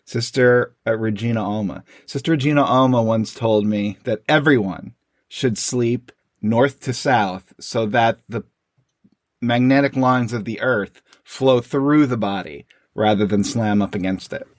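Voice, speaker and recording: A man's voice: medium pitch, unhurried, no echo, studio quality. A man co-hosting a podcast, reading comic strips aloud in casual chat and chuckling often. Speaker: podcast co-host.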